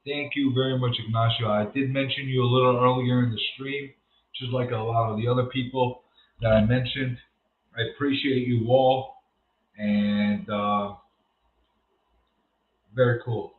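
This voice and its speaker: A man's voice: mid-range voice, steady tone, measured pace, pauses often. Rambling man on a tinny, echoey stream. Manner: rambling, repeats himself, ranting. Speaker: livestream host. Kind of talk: unscripted live-stream monologue. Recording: tinny echoey phone-like sound.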